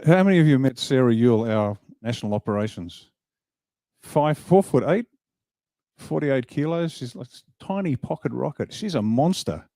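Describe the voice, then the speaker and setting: Speaking at an event hall, a party leader delivers a motivational speech with emphasis and animation, trading jokes with the crowd. His voice sits at medium pitch, captured in studio quality with no echo.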